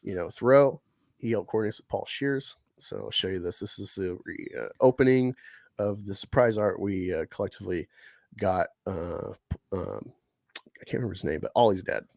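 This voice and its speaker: A man with a lowish voice chats loosely on a live stream, full of "like" and "you know" as he wanders between thoughts. The sound is dry and close, with no room around it. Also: normal speed, creaky, darkish tone, no room sound. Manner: rambling, lots of fillers and restarts. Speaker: streamer host. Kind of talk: casual chat on a live stream.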